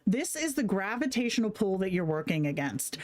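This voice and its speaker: A woman's voice: medium pitch, big pitch swings, a little fast. Casual, slangy woman streamer. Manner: casual and profane, slangy, reads chat aloud. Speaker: livestream host. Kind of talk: casual live-stream chat reading comments.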